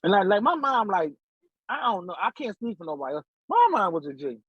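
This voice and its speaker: Man, guest storyteller, husky higher voice, dull dry lo-fi sound, animated delivery. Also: fairly quick, no room sound. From Philadelphia. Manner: animated, acts out quotes with big pitch jumps. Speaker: podcast guest. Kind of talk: casual storytelling.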